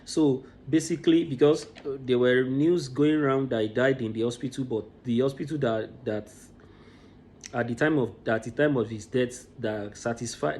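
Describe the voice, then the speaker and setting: A man's voice: mid-range voice, a little mellow, slight background noise. A man from Nigeria, giving an emotional commentary and often repeating words as he restarts his sentences. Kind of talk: impassioned commentary.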